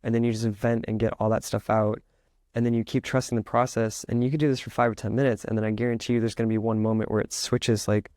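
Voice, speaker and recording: Heard in studio quality with no echo, this podcast guest, an author and musician, talks quickly in a fairly low, darkish, flat voice. He meanders from point to point, leans heavily on "like," and voices his inner thoughts as if performing them.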